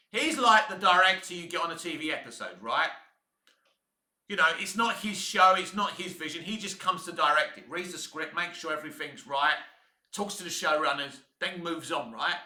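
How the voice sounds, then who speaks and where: Blunt, sharp-voiced Cockney man ranting. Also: fairly high pitch, roomy sound. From England. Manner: blunt, heated, swears freely. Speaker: YouTube film commentator. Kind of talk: opinionated commentary rant.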